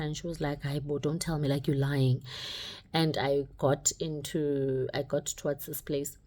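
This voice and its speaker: Low-voiced woman telling a story. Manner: animated, acts out the dialogue, many "like"s. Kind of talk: casual storytelling.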